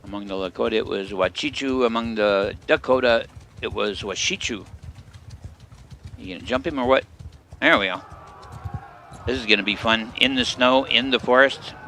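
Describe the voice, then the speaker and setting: A male game streamer chatting casually while he plays. His voice is gravelly, with a bright, forward edge, and he drifts easily into rambling asides. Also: medium pitch, a little fast, slight background noise. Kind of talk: casual gameplay commentary.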